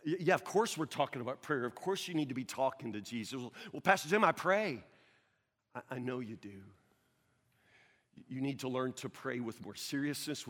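A man preaching a sermon as pastor, earnest, with stammering restarts, swinging from loud to hushed. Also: medium pitch, in a large hall.

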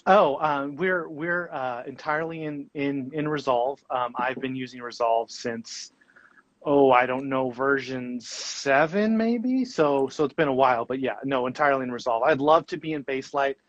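A man speaking as a guest in a casual interview, thoughtful and halting, with plenty of ums and restarts. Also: mid-range voice, a bit bright, no room sound, lo-fi sound. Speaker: guest colorist.

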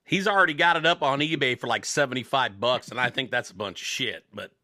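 A man's voice: mid-range voice, fast talker, bright, forceful tone. A man hosting a radio show, chatting casually and telling a long crude joke in a rambling, profane way. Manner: profane, rambling storyteller who voices the joke's characters.

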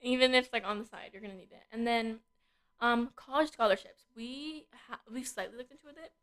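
A fairly bright, higher-than-average female voice comes from a teen co-host who talks a little fast. She's casually discussing college prep at a desk mic, peppering her advice with lots of "like."

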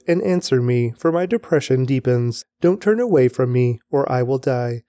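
A man reading scripture aloud in a measured, deliberate way. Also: fairly high pitch, warm tone, no room sound. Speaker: scripture reader.

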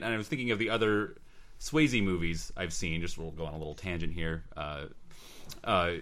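A man with a very deep voice chats casually about films. He wanders into tangents and stumbles over restarts, hunting for the right words. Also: a bit bright. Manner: rambling, hesitant with frequent restarts. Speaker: podcast co-host. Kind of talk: casual movie discussion.

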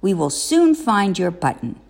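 A woman voicing a kind, cheerful male frog in a storybook read-aloud, gentle and reassuring. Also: lowish voice, sing-song, unhurried, big-room sound, full character voice.

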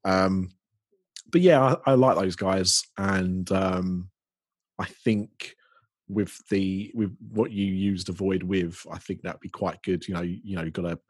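Husky low-voiced British man chatting. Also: fairly even intonation, unhurried, darkish tone, no room sound. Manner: chatty, rambling with many ums and restarts. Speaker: podcast host. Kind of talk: casual podcast chat.

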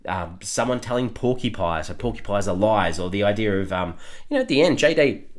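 Low-voiced Australian man reviewing. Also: expressive, fairly quick. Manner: chatty, with frequent chuckles and fillers. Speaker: podcast host. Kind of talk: casual solo review podcast.

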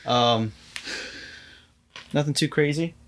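Guy hosting a podcast, talks real slow, jokey and easygoing. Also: a little high. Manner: joking, easygoing banter. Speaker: podcast host. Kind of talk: casual chat.

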